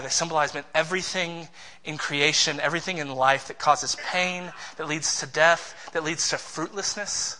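Bright, high-voiced preaching man. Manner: emphatic, passionate preaching. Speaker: pastor. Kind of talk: sermon.

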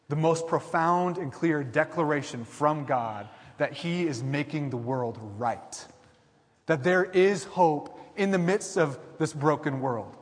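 A man pastor preaching a sermon, building with repeated declarations and frequent restarts. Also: on the high side. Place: large church hall. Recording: long hall reverb.

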